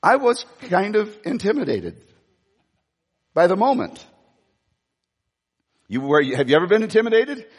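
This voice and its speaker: Boisterous high-voiced man preaching in a hall. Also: a little slow, pauses often, breathy edge. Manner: animated storytelling, acting out quotes. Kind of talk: sermon. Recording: long hall reverb.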